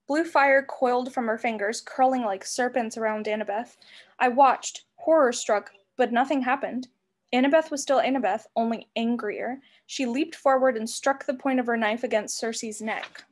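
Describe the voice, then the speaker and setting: A woman reading a novel aloud in an expressive storybook manner. Her voice sits on the higher side. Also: moderate pace. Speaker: reader.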